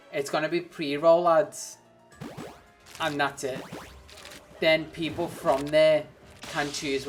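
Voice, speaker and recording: Chatty streamer, rambling and laughing. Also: medium pitch. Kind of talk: casual livestream chat while gaming.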